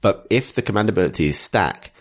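A man with a very low voice talks through tabletop game rules at length in a casual chat. He rambles, restarts sentences and fills pauses while piling up detail. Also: animated. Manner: rambling, detailed explainer with frequent fillers and restarts.

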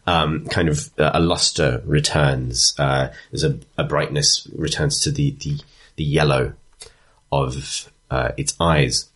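A man running a tabletop game, his low voice husky at the edges. He describes scenes in rambling, stop-start phrases. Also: fairly even intonation, slow pace, fairly bright tone. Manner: rambling, full of ums and restarts. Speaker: game master. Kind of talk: improvised tabletop narration.

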